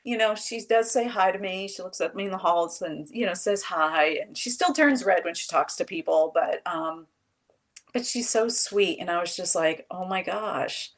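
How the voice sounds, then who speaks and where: A woman who teaches high school English, telling classroom stories in a casual, animated way and acting out what her students said. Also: normal speed. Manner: animated storytelling, acts out students' quotes. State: emotional, near tears. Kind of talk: casual chat.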